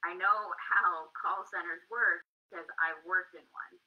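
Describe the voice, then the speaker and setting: Blunt woman, group-chat participant, lowish voice; distant, muffled audio. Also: fairly even intonation, unhurried. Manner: blunt and to the point. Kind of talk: casual group discussion.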